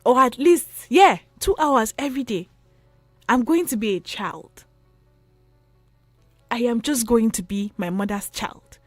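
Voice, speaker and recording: A woman's voice: fairly high pitch, a little slow, long pauses, dry recording, soft background music. Chatty Nigerian woman radio host. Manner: chatty, repetitive, pleading asides. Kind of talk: late-night radio talk on relationships. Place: radio studio. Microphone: studio microphone.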